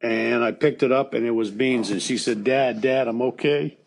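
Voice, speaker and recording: An older American man, a former baseball coach, telling personal stories in an interview in a halting way with frequent restarts. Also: medium pitch, fairly even intonation, vocal fry. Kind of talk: emotional storytelling interview.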